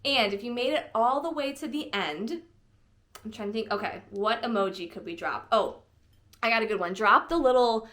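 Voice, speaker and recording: A woman's voice: a little high, moderate pace, fairly bright tone. A young woman talking casually to camera as a travel vlogger, chatty and bubbly with lots of "like" fillers.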